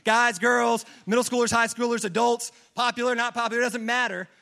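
A young man with a high voice gives an energetic youth sermon. His delivery is conversational and casual, and he keeps pulling the room into call-and-response. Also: brisk, gravelly. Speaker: youth pastor.

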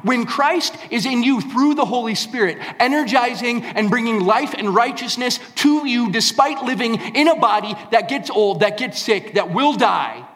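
High-voiced preacher in a reverberant hall. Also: male voice, expressive, moderate pace, hardly any pauses, a bit bright. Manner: emphatic preaching, repeating key phrases. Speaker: pastor. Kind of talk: sermon.

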